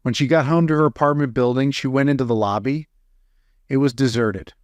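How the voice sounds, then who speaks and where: A man's voice: mid-range voice, darkish tone, no echo. A man in a middle register reads through a string of jokes aloud. His delivery is loose and casual, with small slips and fillers along the way. The sound is dry and close, with no room around it. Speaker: joke reader.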